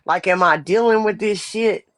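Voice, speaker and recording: A woman's voice: medium pitch, moderate pace, no room sound, studio quality. A woman in her forties chatting bluntly and profanely on a live stream. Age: 40s. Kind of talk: casual live stream chat.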